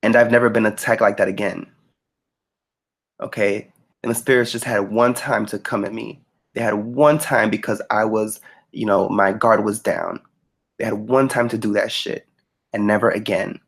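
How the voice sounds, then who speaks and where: Male co-host, gravelly voice, casual and profane storyteller. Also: on the low side, normal speed. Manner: animated, profane, emphatic retelling.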